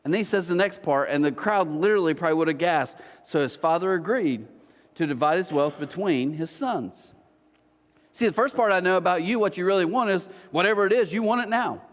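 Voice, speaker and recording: A man in his forties preaching a sermon, telling stories with lively acted-out quotes. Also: high voice, brisk, big-room sound. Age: 40s. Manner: animated storytelling, acting out quotes. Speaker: pastor. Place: church auditorium.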